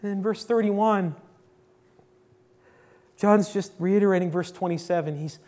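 A man with a high-pitched voice preaches a sermon to a church congregation at an unhurried pace, pausing often. He is emphatic, repeats key phrases, and swings between loud declarations and hushed asides.

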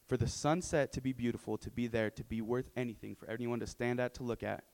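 A man's voice: medium pitch, fairly even intonation, fast talker, gravelly, a little mellow, low-quality recording. A young man telling his supporters about his mission work in a casual, earnest way, with many fillers and tag questions. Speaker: returned mission volunteer. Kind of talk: personal testimony to supporters.

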